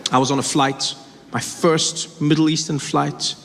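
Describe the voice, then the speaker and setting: High-voiced stand-up comedian, man. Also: little pitch movement, a little slow, vocal fry, a bit bright. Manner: conversational, self-mocking, with stammered restarts. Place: stage before a live audience. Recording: reverberant live hall, laughing crowd, noise.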